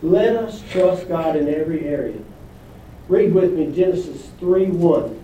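A man's voice: fairly high pitch, unhurried, dark tone, slight background noise. A man preaching a sermon as pastor, reading scripture aloud and asking the congregation questions. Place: church hall. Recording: echoey hall, voice from far off.

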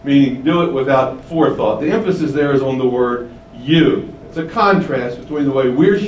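A man's voice: medium pitch, echoey room, recorded from a distance, slight background noise, low-quality recording. A man preaching an expository sermon in a conversational way, often asking rhetorical questions and building up emphasis. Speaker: pastor.

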